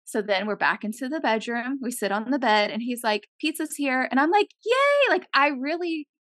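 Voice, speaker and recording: A young woman co-hosting a podcast, telling a casual story and acting out quotes with big jumps in pitch. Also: fairly quick, a bit bright, no room sound. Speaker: podcast co-host.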